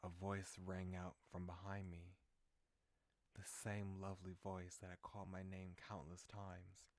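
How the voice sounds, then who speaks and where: Slow, low-voiced man reading a game. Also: monotone, a little mellow, no echo. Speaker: streamer. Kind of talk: reading a visual novel aloud with commentary. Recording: background music under voice.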